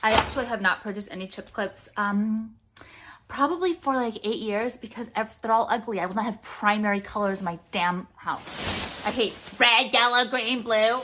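A woman vlogger shows off her purchases in a casual haul chat with viewers, blunt and profane and prone to the occasional rant. Her voice is a little high, she speaks at normal speed, and there's background noise.

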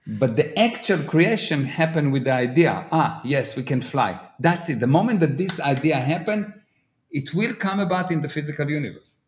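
A man's voice: on the high side, expressive, normal speed. A man with an Israeli accent explaining ideas earnestly in a casual podcast chat, using everyday examples and non-native grammar. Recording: roomy echo.

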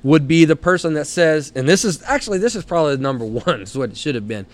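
A Texan man telling stories as a guest on a studio podcast, animated and blunt, laughing through his tales and cursing casually. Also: a little high, fast, dry recording. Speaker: guest, helicopter hunting outfitter.

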